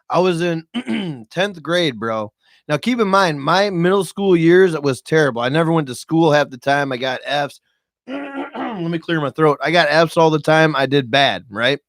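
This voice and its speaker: This man's voice is fairly high and fairly bright, with no room sound. Sitting in a camera-equipped podcast studio as a guest, he shares candid, emotional, profane stories directly with his viewers.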